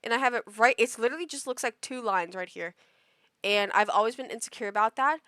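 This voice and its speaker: A young woman streams her game and talks to her chat in a loose, rambling way, leaning on "like" between thoughts. Her voice sits a little high and comes across bright and forceful. The sound is close and dry, from a desk mic. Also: quick pace, no room sound. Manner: rambling storyteller, many "like" fillers. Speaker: live streamer. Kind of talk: casual stream chat while gaming.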